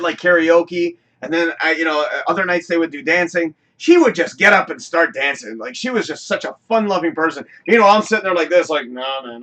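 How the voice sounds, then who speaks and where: A man hosting a live talk show reminisces in a rambling, emotional, casual chat, swearing and laughing often. His voice is high, pushed, and bright, picked up by a distant mic.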